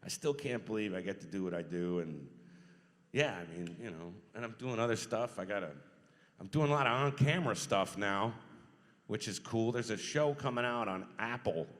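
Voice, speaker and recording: A middle-aged man, a voice actor, telling stories at a convention panel Q&A, animated and quick to laugh. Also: lowish voice. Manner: animated storyteller, acts out quotes, laughs often. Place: large convention hall. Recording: reverberant convention hall.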